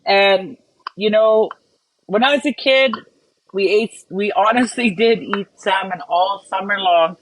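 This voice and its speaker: A woman's voice: medium pitch, a little slow, no echo, low-quality recording. A woman from Canada hosting a casual cooking livestream, chatting and greeting viewers by name while she cooks. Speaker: cooking show host.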